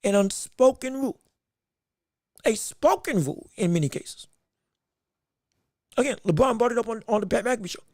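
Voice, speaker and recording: A woman's voice: on the high side, lively intonation, normal speed, pauses often, darkish tone, no room sound, studio quality. A woman hosting a live sports podcast, rambling and emphatic, stopping often to greet viewers from the chat. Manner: emphatic and opinionated. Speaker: podcast host. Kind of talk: live-streamed sports commentary.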